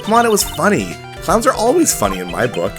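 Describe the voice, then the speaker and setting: A man's voice: on the high side, wildly swooping pitch, fast, voice pushed up. A man voicing a brash, joking adult male circus clown over game music. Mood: boisterous. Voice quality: brash, wisecracking.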